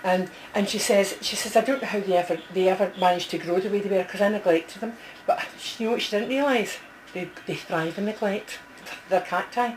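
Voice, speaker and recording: A medium-pitched, brisk woman gives a private reading as a psychic medium, relaying messages chattily and repeatedly checking with the person she's reading for. The recording is rough, with a bit of hiss or hum.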